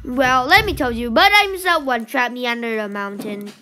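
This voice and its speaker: A woman's voice: on the high side, normal speed, sharp tone, faint music behind. Boastful monkey hero, as a woman reads him. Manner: bold and mocking.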